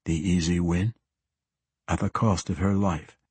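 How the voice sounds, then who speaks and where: A man's voice: deep voice, fairly even intonation, unhurried, darkish tone, breathy edge, no room sound, pitched below the performer's own voice, heavily acted. A man voicing an earnest ranger hero. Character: grave male ranger, steady and thoughtful. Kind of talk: audiobook character voice.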